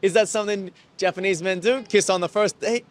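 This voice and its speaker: A man's voice: sits high, a little fast. Chatty young Australian man. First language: English. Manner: relaxed, chatty, laughs often. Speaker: street interviewee. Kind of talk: casual interview answers.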